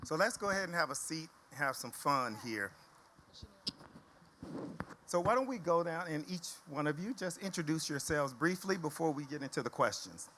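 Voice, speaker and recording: A man moderating a live panel on stage, lively and joking with the audience. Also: fairly high pitch, moderate pace, a little hiss or hum. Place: event stage.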